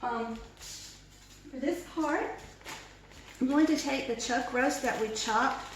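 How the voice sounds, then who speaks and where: A woman's voice: sits high, slow pace, very echoey, distant mic, noisy background. A woman giving a casual cooking demonstration in her home kitchen, chatty and self-mocking, laughing often. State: teary from chopping onions.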